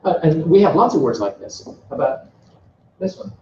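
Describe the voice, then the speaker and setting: A man's voice: a little high, sing-song, moderate pace, darkish tone, a little hiss or hum. A man teaching a beginners' Greek class, drilling words for students to repeat and stretching words out to show stress. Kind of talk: classroom lecture. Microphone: far from the mic. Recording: distant, roomy, dull classroom recording.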